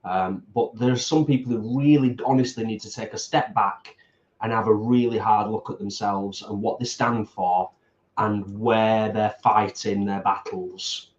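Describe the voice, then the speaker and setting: A middle-aged man co-hosting a casual mukbang chat, earnest and deliberate, repeating points for emphasis. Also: on the low side, steady tone. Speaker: co-host. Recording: roomy, slightly dull home recording.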